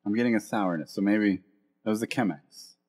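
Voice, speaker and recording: A man's voice: fairly low pitch, fairly quick, a little mellow. A man co-hosting a casual coffee show, rambling playfully and searching for words. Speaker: podcast co-host. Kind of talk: casual chat.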